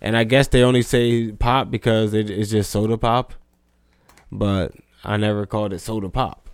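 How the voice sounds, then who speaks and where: A man's voice: lowish voice, steady tone, moderate pace, clean tone, no echo. A young man from New Jersey co-hosting a podcast, talking loose and profane, with lots of "like" and restarts. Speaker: podcast co-host. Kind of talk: casual podcast chat.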